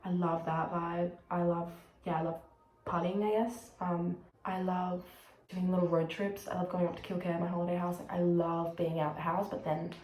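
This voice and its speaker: A woman's voice: lowish voice, little pitch movement, darkish tone. A young woman with an Australian accent, chatting frankly and rambling to camera in a vlog. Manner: rambling, frank and sweary, shifts into quick put-on voices. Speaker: vlogger. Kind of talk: casual chat to camera. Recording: echoey room with faint background noise.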